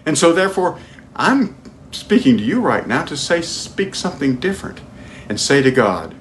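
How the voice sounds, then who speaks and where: A man delivers a sermon at normal speed with big pitch swings, putting direct questions to his listeners and moving between loud, emphatic peaks and quiet, low prayer. A little hiss or hum sits under the recording.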